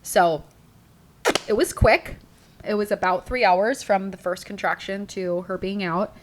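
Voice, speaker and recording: A woman hosting a podcast, telling a personal story in a chatty, animated way, full of "like" and acted-out quotes. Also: mid-range voice, unhurried, slight background noise. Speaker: podcast host.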